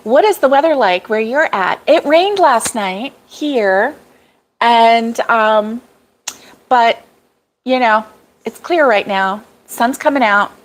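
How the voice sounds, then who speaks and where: A woman's voice: fairly high pitch, lively intonation, slow, poor audio. Chatty woman hosting a live stream. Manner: chatty, laughs often, reads viewer comments aloud. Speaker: crochet vlog host. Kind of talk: casual live-stream chat. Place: cabin in the woods.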